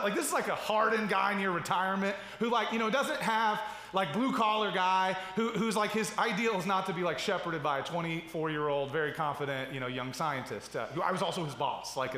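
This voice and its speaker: Casting note: man in his thirties, pastor giving a chatty sermon, slightly high voice, big roomy reverb. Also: brisk, few pauses, pushed and bright. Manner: conversational preaching with asides and repeated "right?". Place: church sanctuary. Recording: roomy hall with long reverb.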